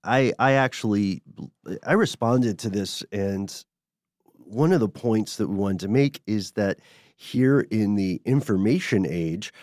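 A man's voice: lowish voice, animated, measured pace, a little mellow, dry recording, studio quality. A man from Tennessee co-hosting a podcast, reading listener mail and chatting in an easygoing way, laughing often. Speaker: podcast co-host. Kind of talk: casual podcast chat.

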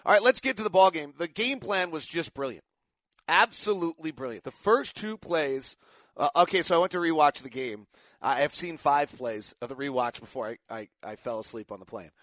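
A tired middle-aged man runs a casual sports talk show, rambling through his stories and stopping to correct himself. His voice sits a little higher than most men's. The recording is dry, with no room sound. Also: animated, fairly quick, fairly bright tone, no room sound. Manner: rambling storyteller, frequent self-corrections. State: tired after little sleep.

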